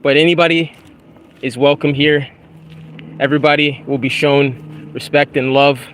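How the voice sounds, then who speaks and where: A man's voice: a little high, little pitch movement, normal speed, fairly bright tone, a little hiss or hum. A young man, a YouTuber, talking casually about faith while walking a wooded trail outdoors, laid-back and full of slang. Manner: laid-back, slangy, says dude and bro a lot.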